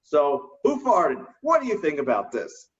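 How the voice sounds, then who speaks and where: A man co-hosting a casual gaming chat, telling stories in an animated way and laughing often. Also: on the high side, a little slow, far from the mic, lo-fi sound. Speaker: co-host.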